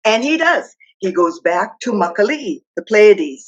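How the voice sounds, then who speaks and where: A woman from Hawaii telling a traditional myth slowly and dramatically as a guest speaker. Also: on the high side, lo-fi sound. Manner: slow, dramatic storytelling that acts out the characters.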